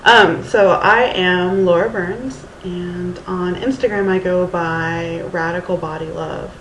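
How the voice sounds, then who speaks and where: A woman's voice: lowish voice, fairly even intonation, takes it slowly, fairly bright tone, slight background noise. Rambling woman in her thirties, roomy sound. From Houston, Texas. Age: 30s. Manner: Valley Girl-like speech, many ums and restarts. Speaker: vlogger. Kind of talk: casual rambling storytime vlog. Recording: roomy with faint ambience.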